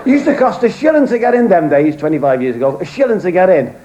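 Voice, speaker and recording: Lively high-voiced comedian before a roaring crowd. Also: male voice, quick pace. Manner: chatty joke-telling with asides to the audience. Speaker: stand-up comedian. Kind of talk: stand-up routine. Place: club stage with a live audience. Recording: dull old videotape with loud crowd and hiss.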